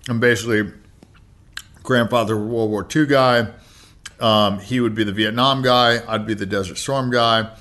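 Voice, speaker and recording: A man's voice: on the low side, steady tone, moderate pace, a bit bright. An American man in his thirties, a podcast guest telling stories in a laid-back way, swearing often and filling with "like" and "you know". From United States. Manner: laid-back, heavy swearing, many fillers. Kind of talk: casual storytelling.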